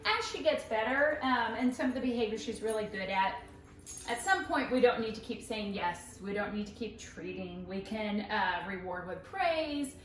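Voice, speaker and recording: Woman, dog trainer, upbeat and chatty, faint music behind, some distance from the mic. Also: echoey room. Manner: chatty, upbeat, switches to high praise voice with the dog. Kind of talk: instructional dog training demo.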